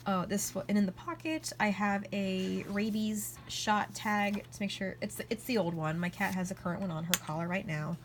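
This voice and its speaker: An excitable young woman talks her way through a journal for her channel, rambling from one thought to the next and leaning on "like" constantly. Her voice sits at an ordinary middle pitch. A faint hum of room ambience runs underneath. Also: a little fast, hardly any pauses. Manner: rambling and excitable, heavy use of "like". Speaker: vlogger. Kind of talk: casual chat flipping through a journal.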